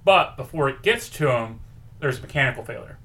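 A man co-hosting a podcast, pitching a story in rambling casual chat and acting out quoted lines. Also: animated, fairly quick, bright, forceful tone. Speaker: podcast co-host pitching a movie idea.

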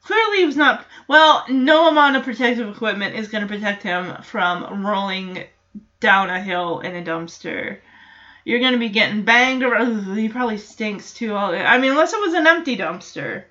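A woman's voice: medium pitch, lively intonation, moderate pace, sharp tone, lo-fi sound. A woman giving a casual, chatty reaction commentary on a TV episode, exasperated and prone to personal tangents. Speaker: show recap host.

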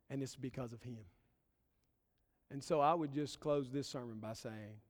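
A man's voice: medium pitch, normal speed, pauses often. A man preaching a sermon as pastor, earnest and building his points in short emphatic phrases. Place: church sanctuary. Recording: long reverb of a church hall.

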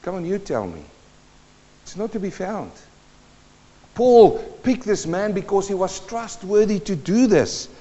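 A man preaching with a fairly high, lively voice, firing questions at his listeners and answering them himself. His voice rings out with a long reverb, and the recording sounds muffled and dull. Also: a little slow, long pauses. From New Zealand. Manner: animated, emphatic, asks the audience questions. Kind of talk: sermon.

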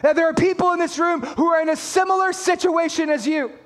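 A man's voice: very high-pitched, steady tone, fairly quick. A man preaching a sermon as a pastor, talking straight to his congregation with emphatic points and playful jokes.

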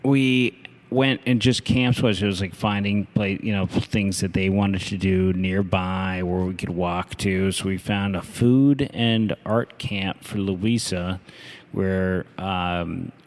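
A man's voice: low-pitched, steady tone, slow pace, few pauses. A man hosting a casual podcast chat, teasing his co-host and chatting about his own kids. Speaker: father.

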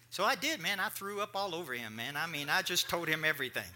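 A middle-aged male pastor telling a personal story in a sermon, animated and acting out the people in it. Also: on the high side, fairly quick, few pauses.

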